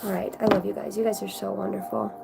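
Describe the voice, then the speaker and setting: On a live stream with poor audio, a woman tarot card reader talks warmly and rambles affectionately, moving between card guidance and chatting with viewers. Her mid-range voice has big pitch swings and vocal fry, and she speaks quickly.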